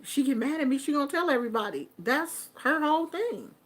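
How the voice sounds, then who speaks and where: A middle-aged woman, giving a casual, animated commentary vlog and laughing often. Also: high voice, fairly quick. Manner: animated, chatty, laughs often, sings snippets. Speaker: vlogger commenting on online drama.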